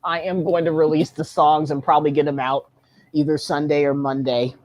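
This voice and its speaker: A man's voice: a little high, flat delivery, a little fast, a little mellow, no room sound. A man hosting a livestream in casual chat, eager and repeating himself often. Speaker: livestream host.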